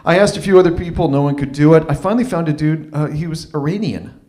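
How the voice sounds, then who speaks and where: A man's voice: on the high side, lively intonation, quick pace, mellow. Man telling a story at open mic. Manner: conversational, self-deprecating, frequent restarts.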